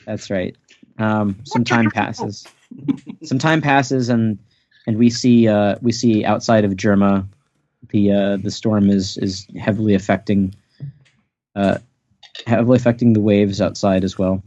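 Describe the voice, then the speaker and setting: A man's voice: fairly low pitch, fairly even intonation, a little slow, darkish tone, dry recording. A man hosting a podcast, recapping a manga chapter in a playful, rambling chat with lots of restarts. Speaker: podcast host. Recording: dry, dull lo-fi podcast audio.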